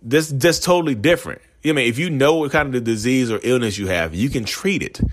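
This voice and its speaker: A man's voice: medium pitch, expressive, quick pace. A man ranting in a casual monologue, rambling and repeating himself as he acts out quoted voices. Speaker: self-aware narcissist vlogger.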